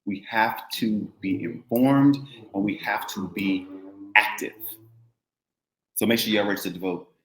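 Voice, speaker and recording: A man's voice: lowish voice, unhurried, a bit bright, echoey room, low-quality recording. A man co-hosting a casual news commentary show, talking in an impassioned, preachy way and repeating phrases for emphasis. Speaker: co-host.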